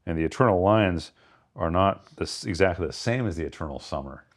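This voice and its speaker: A man co-hosting a podcast, thinking aloud about poems and reading lines of verse slowly with careful stress. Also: sits low, expressive. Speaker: podcast co-host. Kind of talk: casual literary discussion.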